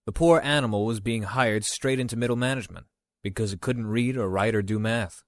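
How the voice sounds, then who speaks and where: A man reading an audiobook aloud in a measured, even storytelling manner. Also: fairly low pitch, no echo, studio quality. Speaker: narrator. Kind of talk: audiobook narration.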